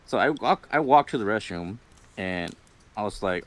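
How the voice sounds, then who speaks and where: A man's voice: lowish voice, expressive, moderate pace, noisy background. A young man casually telling a personal ghost story on a livestream, rambling, swearing freely and laughing between lines. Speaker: guest storyteller.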